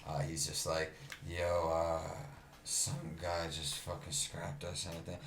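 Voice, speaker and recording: A man with a deep, low voice tells a rowdy story in an easygoing, profane way, often quoting others in his own voice. He sounds like he is in an echoey room, with a faint hiss underneath. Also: monotone, measured pace, fairly bright tone. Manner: laid-back, swears often, quotes others in his own voice. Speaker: podcast guest, rapper. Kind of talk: casual storytelling.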